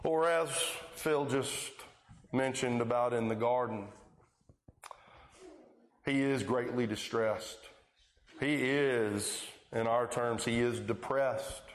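A man's voice: medium pitch, takes it slowly, long pauses, echoey room. A man preaching a sermon who tells the Bible stories and acts out the lines of their people in quoted voices. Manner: storytelling, acting out the Bible scenes in quoted voices.

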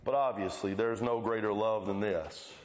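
A man's voice: fairly low pitch, normal speed, darkish tone, reverberant, a little hiss or hum. A man preaching a sermon who tells the Bible stories and acts out the lines of their people in quoted voices. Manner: storytelling, acting out the Bible scenes in quoted voices.

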